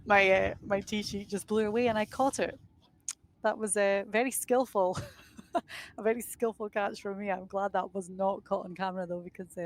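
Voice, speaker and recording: A young woman doing live golf commentary outdoors on a windy course, chatty and self-deprecating. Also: mid-range voice.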